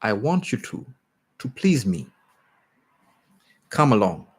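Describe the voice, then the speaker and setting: A man voicing a wealthy, impulsive young woman as he reads a short story aloud, with an eager, breathy, pleading way of talking. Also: fairly low pitch, very animated, slow pace, exaggerated voice.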